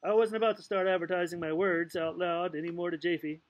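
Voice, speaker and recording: A man's voice: high-pitched, level tone, fast, poor audio. A man reading a novel aloud in a loose, playful way, stumbling now and then and making asides. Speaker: audiobook reader. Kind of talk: casual read-aloud narration.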